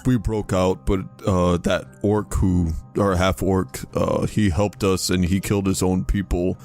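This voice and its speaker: A man putting on a slow, deep goliath giant. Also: level tone, a little mellow, faint music behind. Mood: calm earnest. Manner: slow, deliberate, earnest. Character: huge slow-spoken male goliath warrior, calm and earnest.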